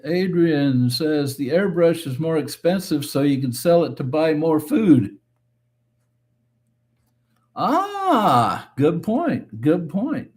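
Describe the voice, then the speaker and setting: A man hosting a casual live stream, reading viewer comments aloud and answering them in a relaxed, chatty way. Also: a little high, a little slow, few pauses. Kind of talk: casual chat.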